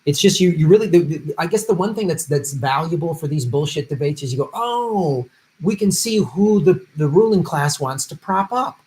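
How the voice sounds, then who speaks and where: A man's voice: a little high, lively intonation, fairly quick, few pauses. Profane, fired-up male political ranter. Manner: profane, fired-up ranting, swings from muttering to shouting. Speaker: political commentary host. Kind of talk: livestream rant reading viewer donations.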